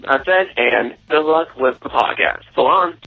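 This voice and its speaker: A man's voice: mid-range voice, animated, unhurried, gravelly, slightly rough. A man leaving a rambling, earnest phoned-in movie review as a caller to a podcast. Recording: tinny phone line.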